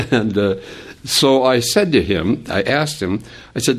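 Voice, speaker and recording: Older male Bible teacher, animated and rambling, mid-pitched voice with lively ups and downs. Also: a little slow, husky. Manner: animated and digressive, with chuckles. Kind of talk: classroom Bible lesson.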